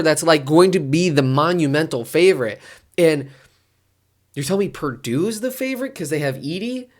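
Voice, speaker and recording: A man vlogging about sports in a casual, rambling way, his voice jumping high when he gets worked up. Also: fairly bright tone. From Detroit area.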